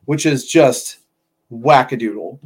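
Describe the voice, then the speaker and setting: A young man talks in an easygoing podcast chat at an ordinary, middling pitch. He rambles through his stories, circling back and drifting from one thought to the next. His delivery is casual and unpolished. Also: slow, husky. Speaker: podcast co-host.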